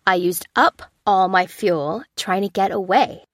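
A woman's voice: mid-range voice, measured pace, no room sound, close to an everyday voice. A sarcastic middle-aged man , put on by a woman narrator, lobs off dry quips. His delivery is loose and mocking. The recording is close and dry. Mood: wry. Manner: wisecracking, sarcastic. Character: wry, sardonic graying middle-aged man.

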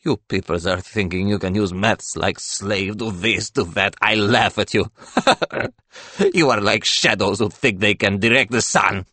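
A man's voice: on the low side, unhurried, sharp tone, no echo. A man voicing an eccentric male mathematician who speaks broken English in a mocking, querulous way. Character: eccentric male quant mathematician, scornful recluse.

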